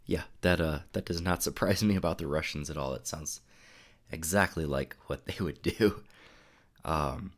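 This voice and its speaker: A man's voice: a bass voice, normal speed. A young man with a stuffy, sniffly voice, chatting casually and rambling on a live stream from his home desk. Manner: relaxed, rambling, reads chat aloud. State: congested, sniffling.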